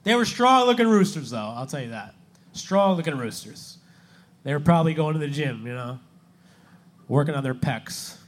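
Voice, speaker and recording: A man doing stand-up with deadpan, dry one-liners and pauses. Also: fairly high pitch, slight background noise. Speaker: stand-up comedian. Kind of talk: stand-up comedy.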